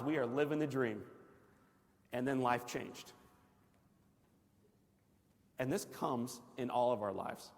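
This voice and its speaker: A man's voice: medium pitch, takes it slowly, creaky, pauses often. Man telling his story in a reverberant hall. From Missouri, USA. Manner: dramatic storytelling, swinging from loud excited bursts to hushed near-whispers; asks the audience direct questions. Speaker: Christian guest speaker. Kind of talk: personal testimony speech. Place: large banquet hall. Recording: long hall reverb from a large room.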